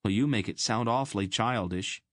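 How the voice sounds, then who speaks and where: A man's voice: lowish voice, moderate pace, fairly bright tone, dry recording, studio quality, voice pushed up, close to an everyday voice. A man voicing a resentful teenage farm boy in an audiobook, sulky and defensive. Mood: sulky, defiant. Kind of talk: audiobook character voice.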